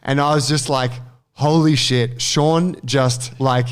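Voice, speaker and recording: A man, co-hosting a casual chat and telling an animated, sweary story. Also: medium pitch, slow pace, clean tone. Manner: animated storyteller, swears freely, acts out quotes. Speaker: podcast co-host.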